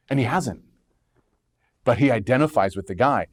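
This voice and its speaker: A man telling stories in a relaxed conversation, acting out quoted lines and laughing often. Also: medium pitch, normal speed, pauses often. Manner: animated storyteller, acts out quotes, laughs often. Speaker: guest minister. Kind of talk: casual conversation, storytelling.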